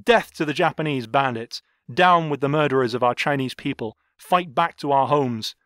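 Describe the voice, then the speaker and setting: Man voicing a young male soldier, loud, shaking with emotion, dry sound. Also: mid-range voice, moderate pace, dry recording, lightly acted. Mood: impassioned.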